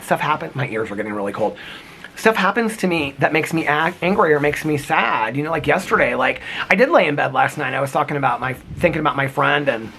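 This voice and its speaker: Vlogging outdoors in the cold, a man with a high-ish, gravelly, pushed and bright voice talks to the camera, with a little hiss or hum in the audio. His reflective talk is earnest and rambling, full of "like" and restarts.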